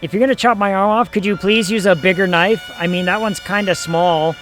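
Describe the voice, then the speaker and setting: A man's voice: high voice, fairly even intonation, a little fast, a bit bright, soft background music. A man streaming a game, making sarcastic, joking comments to his viewers as he plays. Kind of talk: live gameplay commentary.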